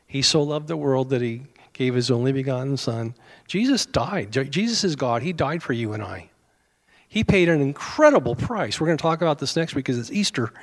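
A middle-aged American man preaching a sermon in a conversational way, with asides to his congregation and small chuckles. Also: a little high. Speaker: pastor.

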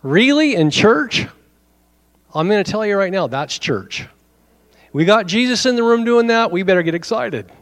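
A man preaching from the pulpit of a church, his voice pitched a little high for a man. He keeps it animated and conversational, tossing asides to the congregation between his points. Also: moderate pace. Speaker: pastor. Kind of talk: sermon.

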